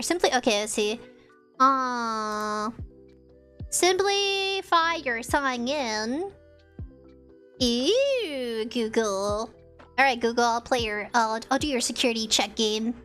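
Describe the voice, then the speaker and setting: High-pitched giggly woman streamer. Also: a bit bright. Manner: rambling, giggly, easily sidetracked. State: slightly raspy. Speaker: VTuber livestreamer. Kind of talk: casual livestream chat, reading chat messages.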